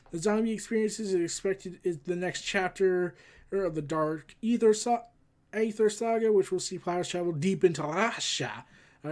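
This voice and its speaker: A man's voice: high voice, darkish tone. A man hosting a casual news commentary, rambling with sarcastic asides. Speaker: host.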